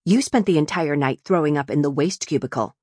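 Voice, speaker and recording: A woman narrator voicing a cold, sharp-tongued woman ship's doctor in an audiobook, speaking in clipped, rigid tones. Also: low-pitched, fairly quick, no echo, clean studio sound. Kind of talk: audiobook character voice.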